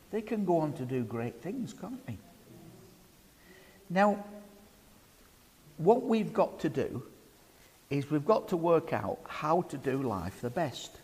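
A man's voice: a little high, darkish tone, slightly rough. A man preaching a sermon, putting questions to the congregation and bantering with them by name. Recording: reverberant hall.

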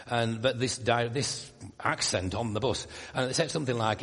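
A man's voice: mid-range voice, normal speed, a bit bright, slightly rough, big-room sound. An older man from Yorkshire with a Yorkshire accent, preaching a sermon in a conversational way with wry asides and emphatic rises. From Yorkshire, England.

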